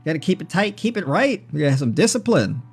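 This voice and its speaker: A man's voice: a little high, big pitch swings, fast, husky. A man hosting a casual livestream on diet, joking and conversational, often tagging his points with "right?". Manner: joking, conversational, tags with "right?" and "you know". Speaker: livestream host. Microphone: personal mic.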